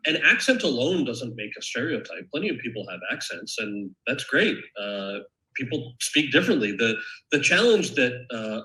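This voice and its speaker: A man's voice: medium pitch, pushed and bright, rough recording. A man from the United States, an author and actor, reading from his memoir and then answering questions in a candid, thoughtful way with frequent restarts. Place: event stage or panel, indoors.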